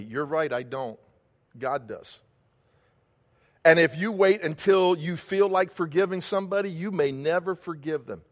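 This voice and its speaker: A man's voice: fairly high pitch, moderate pace, long reverb tail. A male pastor preaching a sermon, asking the congregation questions and answering them himself.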